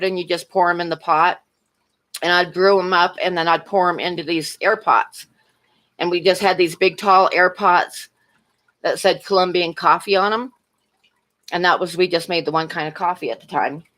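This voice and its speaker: A woman's voice: fairly low pitch, a bit bright. Brief: woman livestreamer, casual chat, rambling anecdotes, frequent laughs, asides to chat. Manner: rambling storyteller, laughs often, talks to chat.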